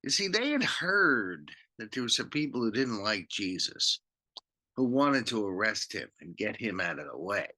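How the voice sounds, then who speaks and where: Animated male pastor telling a children's story. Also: fairly low pitch. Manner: animated, slow, acts out the characters.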